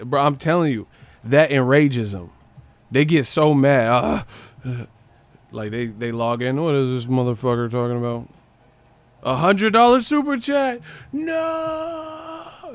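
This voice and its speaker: A man hosting a boxing live stream, joking and swearing casually and mimicking other people's voices. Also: medium pitch.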